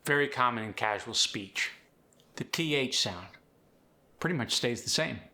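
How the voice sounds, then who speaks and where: Bright, explanatory male accent coach. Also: medium pitch, lively intonation, measured pace. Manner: clear, explanatory. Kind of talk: instructional tutorial.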